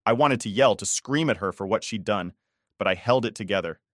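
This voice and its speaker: Brief: man with a lowish voice, scripted story narration, restrained and cold, dry close mic. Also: fairly quick, fairly bright tone, no echo. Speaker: first-person story narrator.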